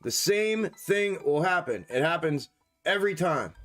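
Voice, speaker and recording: A man hosts a casual trading livestream from his desk, swearing and calling out numbers to his viewers. His voice sits a little high for a man. Faint music plays in the background. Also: unhurried. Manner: profane, excitable, talks to viewers as "y'all". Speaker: stock market livestream host. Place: home desk setup.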